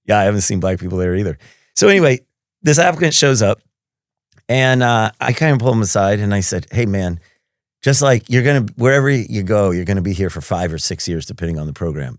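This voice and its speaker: A middle-aged man with a fairly low voice tells stories in a relaxed interview chat. He acts out both sides of conversations and laughs easily. The sound is close and dry, with no room echo. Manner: lively storyteller who acts out dialogue and laughs often. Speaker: surgeon guest. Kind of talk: casual anecdotal storytelling.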